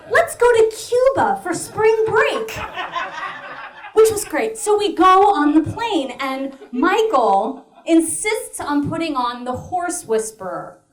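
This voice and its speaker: A woman telling a comic story in a solo show, with a high voice that swoops all over. She laughs her way through the lines and cuts in with dry, deadpan remarks. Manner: animated, laughing, with dry asides. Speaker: comedian and storyteller.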